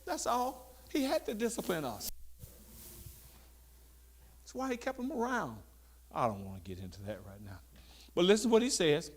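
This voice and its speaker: A man preaching a sermon. He reads scripture slowly and loudly, then talks back to the listeners, dropping to quiet asides in between. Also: high-pitched, huge pitch swings.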